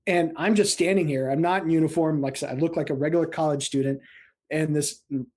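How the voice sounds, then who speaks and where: A man from central Illinois, a paramedic guest in a casual interview, telling lively stories and laughing often. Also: on the high side, quick pace. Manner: animated, laughs often, acts out quotes.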